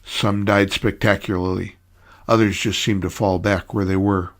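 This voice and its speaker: A man narrating a short story in a measured storytelling way. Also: low voice, level tone.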